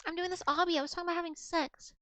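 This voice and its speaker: Young woman, very high voice, dry close mic, giggly animated streamer chat. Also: very fast, no room sound. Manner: giggly, animated, mock-dramatic. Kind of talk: casual chat reading old messages to chat.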